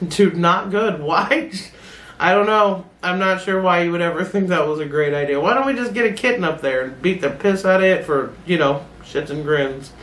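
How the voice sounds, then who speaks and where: A woman's voice: fairly low pitch, normal speed. A middle-aged woman hosting a casual reaction video, blunt and laughing, swearing freely as she comments. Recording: roomy echoey room.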